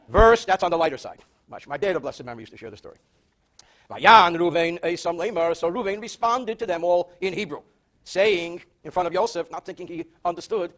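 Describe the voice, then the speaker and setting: An older man, a rabbi, teaching a Torah portion verse by verse, reading Hebrew slowly, translating, and adding dry wisecracks. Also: sits high, lively intonation, fairly bright tone. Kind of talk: verse-by-verse Torah class with jokes.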